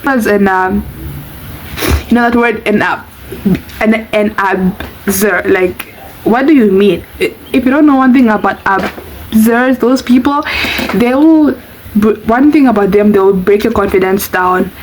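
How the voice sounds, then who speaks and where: A woman's voice: medium pitch, a little slow, slight background noise, poor audio. Chatty woman telling a story. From Namibia. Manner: animated, chatty, exclamatory asides. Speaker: vlogger. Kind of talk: storytime vlog.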